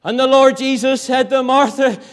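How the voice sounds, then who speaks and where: A man preaching a sermon in a church hall, impassioned, swinging from loud cries to hushed low lines. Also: level tone, normal speed. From Northern Ireland.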